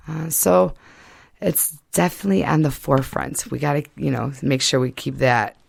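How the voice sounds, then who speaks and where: A woman's voice: low-pitched, normal speed, gravelly, slightly rough. A woman from Michigan, early in recovery, chatting casually as a podcast guest with lots of fillers and easy laughter.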